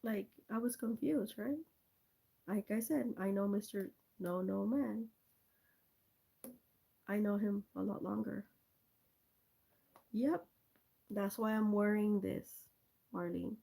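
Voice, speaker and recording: A woman with a medium-pitched, dark voice and vocal fry hosts a live stream from her cell phone. She tells a rambling story in a chatty way and addresses her viewers by name.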